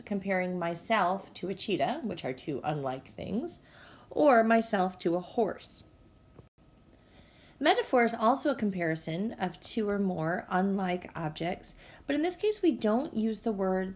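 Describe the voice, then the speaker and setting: A woman's voice: mid-range voice, lively intonation, moderate pace. A woman teacher, explaining a lesson patiently and speaking directly to her students. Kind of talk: recorded classroom lesson. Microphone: tablet microphone.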